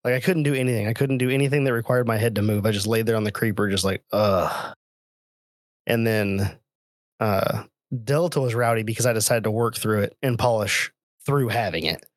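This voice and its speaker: A man co-hosting a casual podcast, telling a long story with laughs and bursts of loudness, speaking into a microphone on a remote call. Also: fairly low pitch, a little fast, dry recording, clean studio sound. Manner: storytelling, animated, laughs often. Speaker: podcast co-host. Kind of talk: casual chat.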